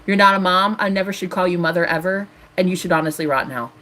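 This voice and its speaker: A woman's voice: fairly low pitch, fast, fairly bright tone. Brief: woman, 30s, tarot streamer, heated defiant rant to chat. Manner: angry, ranting, defiant. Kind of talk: live stream monologue.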